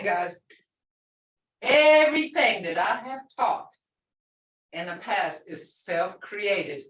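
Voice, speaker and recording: A woman's voice: medium pitch, a bit bright. A woman language teacher in a classroom lesson, explaining words patiently and repeating phrases. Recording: echoey room, voice from far off.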